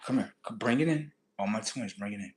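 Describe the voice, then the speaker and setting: A man hosting a livestream, telling crude, comedic stories in an animated, rambling way. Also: fairly low pitch, fairly quick, a little hiss or hum. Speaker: livestream host. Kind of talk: profane comedic storytelling.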